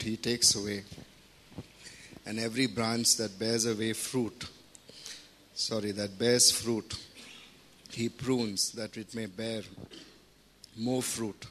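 A man preaching a sermon, reading scripture, praying and teaching in an earnest, deliberate way. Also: lowish voice, flat delivery, a bit bright, slight background noise.

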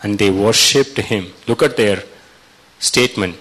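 A man delivers a sermon in a fairly low voice. He retells a scripture story and acts out its quotes. His voice swings from soft, slow stretches to sudden loud, raised lines. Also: poor audio. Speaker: preacher.

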